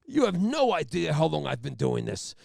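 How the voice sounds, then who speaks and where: A man voicing a stern veteran male state trooper who speaks loudly and slowly, with dramatic pauses. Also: a little high, big pitch swings, creaky, dry recording, studio quality, heavily acted. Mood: stern, grandstanding. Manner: loud, slow, with dramatic pauses.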